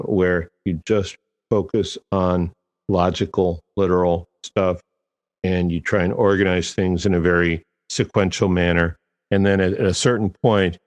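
A man's voice: low voice, long reverb tail. A man hosting a podcast, talking casually in a chatty, digressive and self-deprecating way. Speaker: podcast host.

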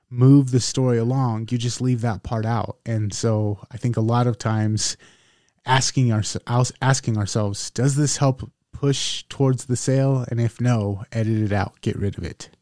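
A man's voice: medium pitch, dark tone, no echo, studio quality. A man co-hosting a podcast who reflects on the topic, thinking aloud and restarting his sentences. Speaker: podcast co-host. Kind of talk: casual conversation.

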